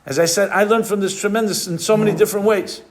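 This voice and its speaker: A man's voice: high voice, fairly even intonation, quick pace, slight background noise. A rabbi giving an explanatory class lecture, explaining step by step and weaving in Hebrew and Yiddish terms. He often stops to search for the right word.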